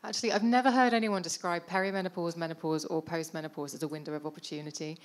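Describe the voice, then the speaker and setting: A woman moderating a panel discussion, talking with enthusiasm and lively storytelling. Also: on the low side, fast.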